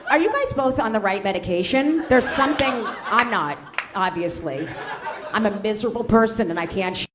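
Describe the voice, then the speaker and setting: A woman in her forties does brash, profane, teasing crowd work as a stand-up comedian on a club stage. Her medium-pitched voice is animated and brisk, and the live recording carries audience laughter and noise.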